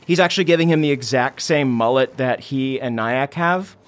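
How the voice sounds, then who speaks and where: Running a tabletop game as game master, a man narrates in a relaxed style full of fillers. He speaks at a moderate pace in a mid-range voice.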